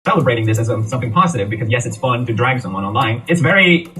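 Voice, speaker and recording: A man's voice: mid-range voice, lively intonation, racing, pushed and bright, far from the mic, soft background music, low-quality recording. A man giving blunt, critical opinion commentary with a sarcastic edge. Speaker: online commentator.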